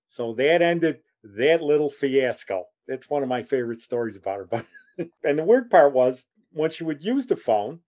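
Rambling man telling family stories. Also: a little high. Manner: rambling, chuckling, animated quoting. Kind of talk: casual anecdotal storytelling.

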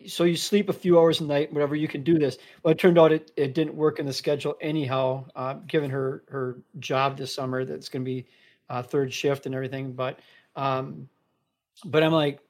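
A man co-hosting a casual podcast, telling a story with many ums and pauses. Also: fairly high pitch, fairly even intonation, a little mellow. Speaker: podcast co-host. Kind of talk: casual chat.

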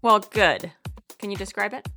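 A mother narrating a children's story, explaining things gently and patiently. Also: mid-range voice, normal speed, soft background music.

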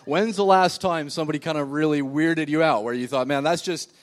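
A man's voice: on the high side, fairly quick. A man preaching a sermon in a church, talking in a loose, conversational way with frequent fillers and restarts while seated. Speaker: pastor.

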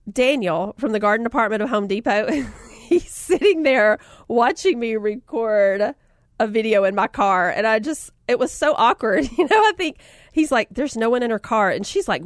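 A woman's voice: a little high, expressive, a little slow, dry recording, clean studio sound. A woman with a Southern US accent gives a casual motivational talk, telling stories animatedly, laughing often and calling her listeners y'all. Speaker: speaker sharing life lessons.

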